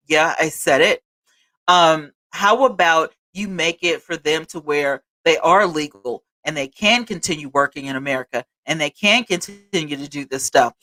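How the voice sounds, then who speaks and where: A woman talks straight to her viewers on a live stream, emphatic and animated. Her voice is bright and forceful, and she drives her points home by saying them twice. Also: low voice. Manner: emphatic, animated, repeats lines for effect. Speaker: host. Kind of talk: live-stream political commentary.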